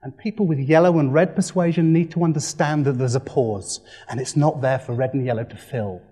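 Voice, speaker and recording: A man giving a lively training presentation, playful and animated, acting out quick quoted voices. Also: mid-range voice, slightly rough. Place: presentation room.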